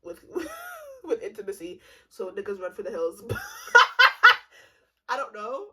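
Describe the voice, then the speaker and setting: Woman in her twenties, casual storytime vlog, lively swooping pitch, rambling, profane, quick to laugh. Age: 20s. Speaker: vlogger.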